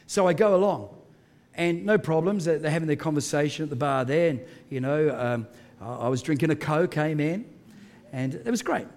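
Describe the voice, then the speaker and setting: A man's voice: on the high side, animated, moderate pace, darkish tone. A middle-aged Australian pastor preaching a sermon, telling a story conversationally with fillers and restarts, then pressing his point emphatically.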